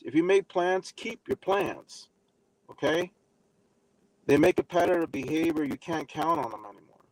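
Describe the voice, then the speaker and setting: A man's voice: fairly high pitch, no echo. A man giving a casual live lesson, rambling with many fillers and speaking bluntly, with some profanity. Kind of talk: casual live-stream talk.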